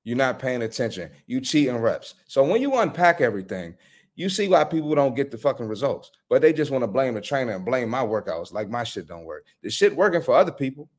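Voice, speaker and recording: A man, a personal trainer, hosting a live reaction stream with blunt, profane, slangy commentary. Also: mid-range voice.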